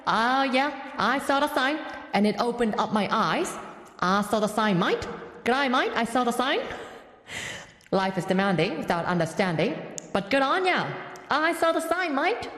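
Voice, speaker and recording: Woman playing a slangy Australian woman, put-on Australian accent, high voice, lively swoops, drawn-out lyric reading. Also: reverberant, in a large hall. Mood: cheeky. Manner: drawls lyrics, tags 'mate' onto every line. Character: brash Australian woman cousin, slang-heavy.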